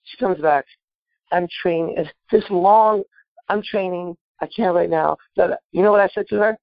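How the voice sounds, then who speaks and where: Brief: boastful, foul-mouthed man, slightly high voice, dry dull sound. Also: normal speed, creaky, no room sound. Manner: boastful, swearing, rambling with filler words. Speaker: panel host answering a listener question. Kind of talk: brash profane casual talk.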